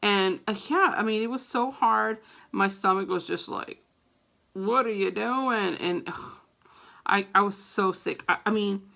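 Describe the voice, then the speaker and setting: Gravelly, animated middle-aged woman vlogger. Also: medium pitch, a little slow. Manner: animated, profane, acts out quoted voices. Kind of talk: casual storytelling to camera.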